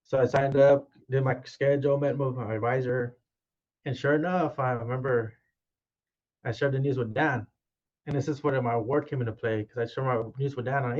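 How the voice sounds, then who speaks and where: A man's voice: mid-range voice, brisk. Man telling his story, lo-fi sound. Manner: animated retelling with quoted dialogue. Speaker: podcast guest. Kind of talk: storytelling in casual conversation. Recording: dull, lo-fi sound.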